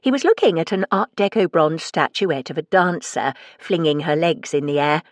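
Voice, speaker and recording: A woman's voice: deep voice, moderate pace, no echo. Wry woman reading an audiobook. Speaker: audiobook narrator. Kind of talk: first-person scripted narration.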